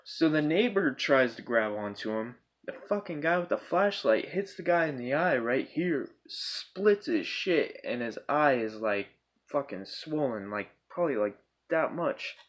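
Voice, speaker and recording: A man's voice: mid-range voice, expressive, a little slow. A young man casually telling a personal story, rambling and swearing a lot, often checking in with his listeners. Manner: profane, rambling, checks in with 'right?' and 'bro'.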